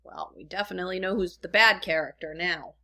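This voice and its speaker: A woman's voice: lowish voice, fairly quick, sharp tone. A woman teacher reading a storybook lesson aloud to children, stopping to ask the class questions. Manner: friendly, asks the class questions.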